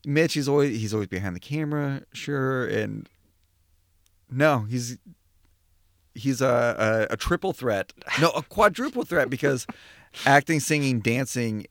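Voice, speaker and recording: A man hosting a podcast, his voice mid-pitched and playful as he teases and jokes. The recording is close and dry. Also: expressive, fairly bright tone, no room sound. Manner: playful, teasing and quick to laugh. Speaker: podcast host. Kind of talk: casual podcast chat. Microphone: studio microphone.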